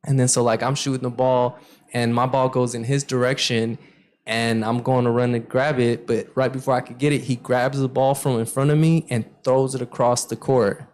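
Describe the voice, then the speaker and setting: At a moderate pace and with a mid-range voice, a young man co-hosts a podcast and chats casually. He tells stories with animation, performing quoted remarks in a loud voice.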